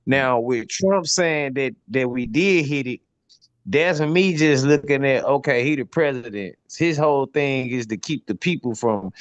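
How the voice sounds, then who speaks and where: A man's voice: mid-range voice, smooth, no echo. A man hosts a casual podcast panel discussion, talking in an easygoing conversational way. The sound is dry and close, with a dull, lo-fi quality, as if through a modest setup. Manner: casual, asks viewers to like and subscribe. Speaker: podcast host.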